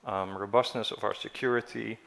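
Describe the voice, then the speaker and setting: A man with a low, gravelly voice talks as an expert panelist. He speaks in a measured way and searches for words. A faint background noise sits behind him. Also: steady tone, a bit bright. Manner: measured, hesitant with fillers. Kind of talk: panel discussion.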